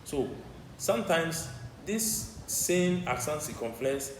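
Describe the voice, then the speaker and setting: A man teaching a French lesson in English, explaining in a measured, halting way with frequent repetitions. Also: on the high side, animated. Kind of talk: language lesson. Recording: echoey room with background noise.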